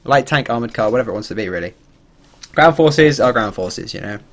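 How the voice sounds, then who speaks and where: A man's voice: mid-range voice, fairly quick. A man streaming a game, chatting casually and rambling, swearing and chuckling along the way. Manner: animated, rambling, swears and laughs freely. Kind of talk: casual livestream commentary.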